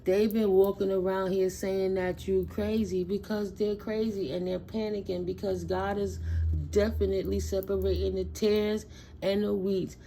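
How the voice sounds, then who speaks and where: A woman tarot reader who reads slow affirmations in a soft voice and then talks in loud, excited slang to her viewers. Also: medium pitch, vocal fry, a little hiss or hum. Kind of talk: spiritual reading with affirmations.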